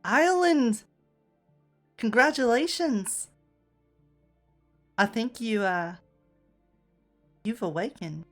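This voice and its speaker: A woman's voice: on the high side, very slow, long pauses, faint music behind. A woman voicing a chatty young woman from London with a put-on London accent, who keeps calling people love.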